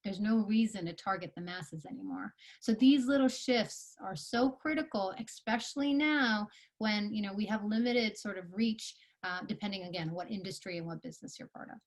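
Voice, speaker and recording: A woman's voice: medium pitch, normal speed, few pauses. A woman giving a live online workshop talk to founders, earnest and coaching, with many fillers and restarts. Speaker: conference speaker.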